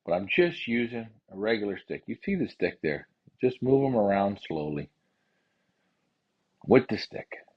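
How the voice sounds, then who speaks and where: A man hosting a pigeon racing show, ranting heatedly with lots of profanity and repetition, then calmly explaining how he handles his birds. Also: fairly low pitch, unhurried, long pauses, husky, muffled recording. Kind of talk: casual livestream talk.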